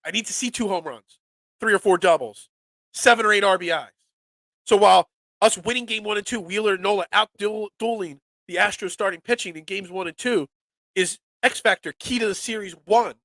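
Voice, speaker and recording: A man with a cold and a stuffy, nasal voice hosting a casual sports talk show, talking excitedly and often repeating words. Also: high-pitched, brisk, no echo. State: congested from a cold. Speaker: sports podcast host.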